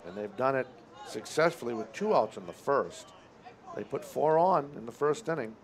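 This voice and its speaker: A man calling local baseball play-by-play at an outdoor stadium, relaxed and chatty, often correcting himself. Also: medium pitch, normal speed. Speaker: play-by-play announcer.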